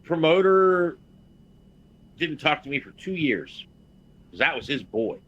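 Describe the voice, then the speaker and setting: A man on a podcast telling a blunt, profane story as a veteran wrestler and getting loud and heated. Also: on the high side, sing-song, unhurried, muffled recording, a little hiss or hum. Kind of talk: casual podcast chat.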